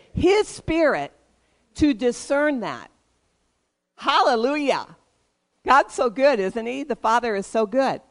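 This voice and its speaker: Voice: mid-range voice, clean tone. A pastor preaching a sermon, emphatic and leading the congregation in call-and-response.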